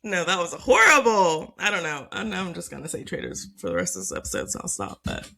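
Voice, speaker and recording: Woman podcast cohost, giggly and chatty, voice bounces all over, bit of vocal fry. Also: fairly low pitch, huge pitch swings, fast, sharp tone. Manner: giggly, laughs often, lots of fillers. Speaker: podcast co-host. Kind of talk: casual chat.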